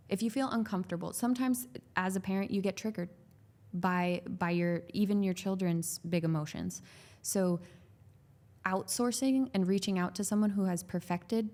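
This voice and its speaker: A woman's voice: on the low side, a little mellow. A woman who works as a growth coach and is a parent of young children. She talks about parenting as a podcast guest, in an earnest, loose way with many "like"s and restarts.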